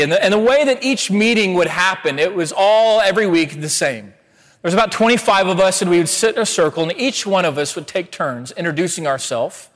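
Guy pastor preaching, reads scripture slow with big rises, voice echoes round the church. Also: sits high, fairly bright tone. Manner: measured scripture reading with emphatic rises. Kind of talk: sermon. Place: church sanctuary.

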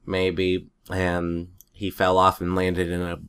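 A man's voice: low voice, monotone, slow, a bit bright, clear, resonant tone. A man in a casual chat, telling rambling stories and chuckling often.

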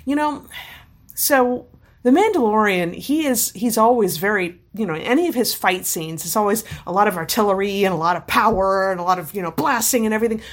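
A husky-voiced woman co-hosting a podcast, chatting casually about shows she loves. She rambles and laughs easily, breathy around the edges. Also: mid-range voice, fairly quick. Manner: enthusiastic, laughs often, rambling. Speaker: podcast co-host. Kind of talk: casual chat.

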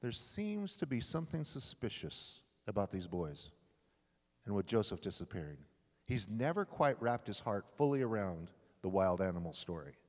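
Animated pastor preaching in a reverberant hall. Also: male voice, lowish voice, normal speed. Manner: animated storytelling, acting out quoted lines. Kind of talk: sermon. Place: conference hall. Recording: live hall with long reverb.

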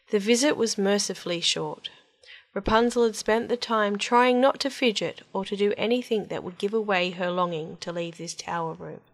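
Give me a woman storyteller reading a fairy tale, gentle and even. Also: mid-range voice.

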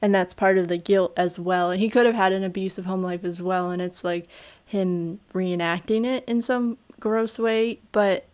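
An animated woman on a casual film podcast. She talks at a middle pitch and keeps slipping into little acted-out quotes as she reacts. The delivery stays chatty and lively. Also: normal speed. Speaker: podcast co-host. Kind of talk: casual film review chat.

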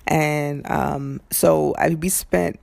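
A man hosting a podcast, telling a story in a chatty, animated way and acting out the quotes. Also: fairly high pitch, very slow, vocal fry, no room sound. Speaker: podcast host. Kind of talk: casual storytelling.

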